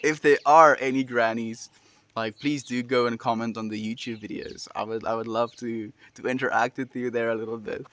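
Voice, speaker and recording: A man hosting a daily livestream, reading chat comments aloud and answering them in a relaxed, friendly way with lots of fillers. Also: medium pitch, moderate pace. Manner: relaxed and friendly, many fillers, laughs often. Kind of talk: casual chat.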